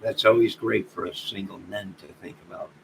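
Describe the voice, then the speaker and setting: A man's voice: lowish voice, steady tone, brisk, creaky, very noisy. A man hosting a casual livestream, rambling and joking as he thanks his chat viewers and signs off. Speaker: livestream host.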